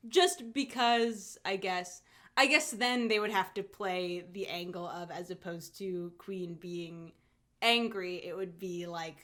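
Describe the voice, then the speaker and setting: A woman's voice: on the low side, slow, fairly bright tone. A young woman co-hosting a podcast, chatting casually in a musing, hesitant way. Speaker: podcast co-host. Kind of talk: casual chat.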